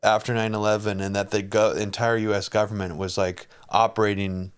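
A man interviewing in a casual conversation, talking in halting, restarting phrases. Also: lowish voice, flat delivery, clean tone. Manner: halting, restarts often, supportive.

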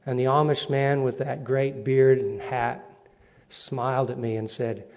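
A man's voice: mid-range voice, a little slow, a little hiss or hum. Man telling a funny sermon story. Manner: animated, comic timing. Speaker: preacher. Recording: dull recording in a reverberant hall.

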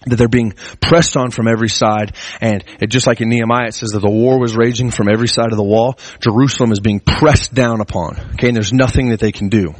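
A man preaching a sermon in an earnest way, his pitch climbing as he presses his points. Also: steady tone, quick pace, hardly any pauses, no room sound. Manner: earnest, rising pitch when stressing a point. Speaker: pastor.

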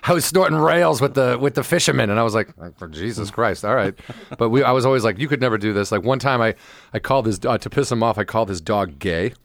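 A man's voice: on the low side, quick pace, no room sound. Young male podcast co-host, loose jokey storyteller, dry close recording. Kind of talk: casual chat.

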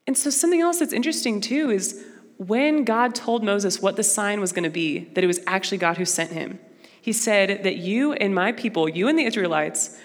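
A young woman giving a personal testimony talk to a Christian audience in an earnest, conversational, expressive way. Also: medium pitch. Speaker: Christian speaker. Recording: long hall reverb.

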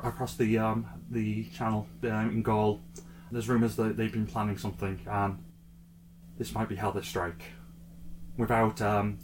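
Elderly gnome voiced by a male game master: halting, worried, hushed delivery for a tabletop game. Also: on the low side, noisy background, close to an everyday voice. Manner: hesitant, halting, drops to a murmur.

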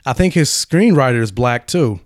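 A man's voice: mid-range voice, animated, moderate pace, no room sound. A man talking casually on a podcast, chatty and often laughing, his words tumbling out with restarts. The sound is dry and close, with no room around it. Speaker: co-host.

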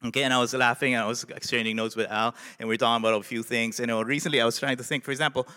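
A man from the Philippines with a Filipino English accent, preaching a sermon as a pastor in an animated way and putting questions to his listeners. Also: mid-range voice, rapid-fire, clear, resonant tone, long reverb tail.

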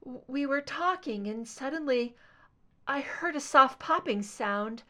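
A woman reading the lines of a shaken woman agent in a story, with a faint, raspy voice. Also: high-pitched, animated, a little slow, sharp tone, voice pushed up, full character voice. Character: shaken woman federal agent, calm-natured.

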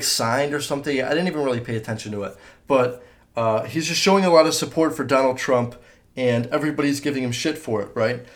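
A young man talks casually on his own podcast, rambling through listener questions with plenty of fillers. He swears freely and keeps a loose, offhand tone at a middling pitch. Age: young adult. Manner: rambling and profane, many fillers. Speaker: podcast host. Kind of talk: casual solo podcast chat.

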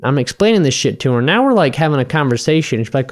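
A man's voice: medium pitch, animated, fast talker. A man rambling through a casual, profane chat, acting out his own bar conversations as he tells them.

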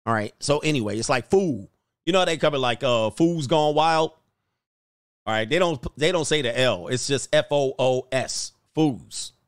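A man's voice: medium pitch, animated, moderate pace, no room sound, studio quality. A man hosting a casual livestream, joking and rambling and often laughing as he talks. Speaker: host.

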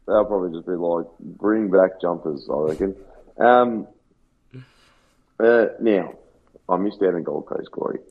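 A man's voice: sits low, unhurried, long pauses. A man with an Australian accent, co-hosting a casual sports podcast with brash, sweary banter. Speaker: podcast co-host. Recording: tinny phone-like line.

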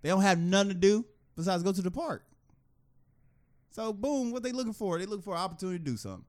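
A man co-hosting a podcast in casual chat, animated and acting out quoted reactions with bursts of laughter. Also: high-pitched, quick pace. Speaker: podcast co-host.

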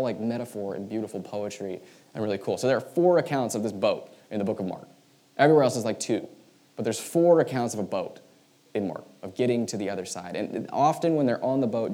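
A man preaching a sermon in a casual, animated storytelling way, often acting out the voices he quotes. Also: fairly low pitch. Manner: casual, many fillers like "like" and "right". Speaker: pastor.

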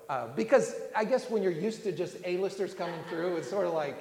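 A man preaching a sermon, winding through a story with fillers and false starts. His voice sits a bit high for a man. The sound is roomy, with a long hall echo trailing behind each phrase. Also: fairly quick, hardly any pauses, darkish tone. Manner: rambling anecdotes with frequent restarts and fillers. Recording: echoey hall with long reverb.

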